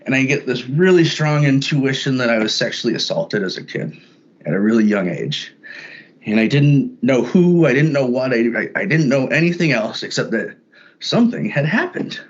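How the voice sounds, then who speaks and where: A man talking as a podcast guest, telling a personal story in a halting way that often repeats words when starting a thought. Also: mid-range voice, sing-song. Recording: dull lo-fi sound.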